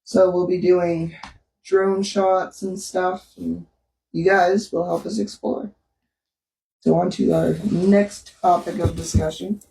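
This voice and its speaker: Creaky and dark in tone, the fairly low voice of a Canadian woman moves little in pitch as she slowly tells a story while co-hosting a vlog, laughing often. She sounds far from the microphone in an echoey room.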